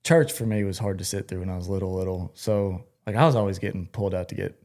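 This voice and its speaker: A man co-hosting a podcast, telling a childhood story in an animated, laughing way. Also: sits low, quick pace. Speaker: podcast co-host. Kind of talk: casual storytelling.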